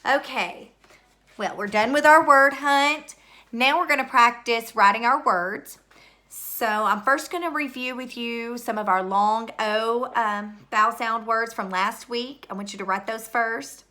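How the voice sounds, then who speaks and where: Slow, bright-voiced woman teacher. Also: a little high. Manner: slow, patient, deliberate, repeats words for spelling. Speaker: third grade teacher. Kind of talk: recorded classroom lesson.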